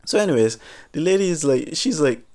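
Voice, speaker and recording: A young man hosting a podcast, telling a comedic story in an animated, rambling way with mild minced oaths. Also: on the high side, a little fast. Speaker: podcast host.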